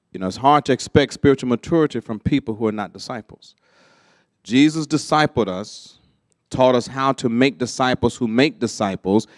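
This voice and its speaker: A man's voice: medium pitch, no echo, clean studio sound. A man leading a church teaching workshop, conversational and often checking that listeners follow. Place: church classroom.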